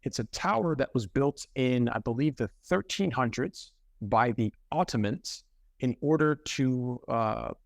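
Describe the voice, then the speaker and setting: A man who is a podcast guest, telling a story in an animated, conversational way with quick self-corrections. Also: mid-range voice, creaky, dry recording, clean studio sound.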